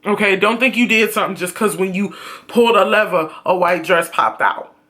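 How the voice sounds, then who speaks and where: A man rants bluntly through a review vlog, swearing freely. His voice sits fairly high and sounds bright and sharp. The delivery is animated and profane. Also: a little fast. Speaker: YouTube reviewer.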